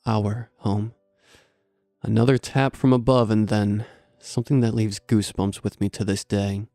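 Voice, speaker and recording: A man narrates a horror story in steady, grim tones. His voice is low, flat and gravelly, with a dark, mellow timbre, and faint music sits behind it. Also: unhurried, dry recording, clean studio sound.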